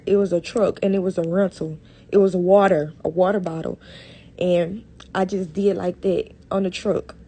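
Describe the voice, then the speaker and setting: A young woman telling a story casually on a livestream, animated, talking to her viewers as y'all and swearing a lot. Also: medium pitch, creaky, slight background noise. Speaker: live streamer.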